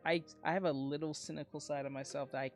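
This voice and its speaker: A man's voice: on the high side, steady tone, quick pace, faint music behind. A man streaming as a VTuber, chatting casually with a sarcastic, self-mocking humor and frequent laughs. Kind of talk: casual live-stream chat while drawing.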